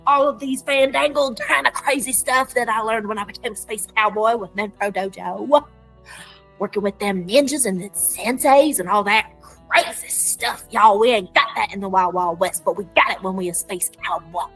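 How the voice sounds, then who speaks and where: A woman's voice: medium pitch, normal speed, a bit bright, slightly rough, low-quality recording. A woman giving a comedic promotional monologue in a playful, folksy cowboy persona full of slang. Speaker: clinic business promoter. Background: faint music.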